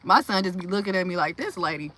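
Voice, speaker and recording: A woman's voice: lowish voice, flat delivery, fast, fairly bright tone. A woman in her forties hosting a casual livestream chat, talking loosely with lots of fillers and reading viewer comments aloud. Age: 40s. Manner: chatty, reads and answers viewer comments aloud; loose, slangy talk with many fillers. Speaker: livestream host.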